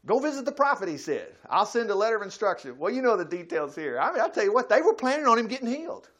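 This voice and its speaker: Male preacher, high-pitched, folksy sermon delivery with loud-to-quiet swings. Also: sing-song, fast, dull audio.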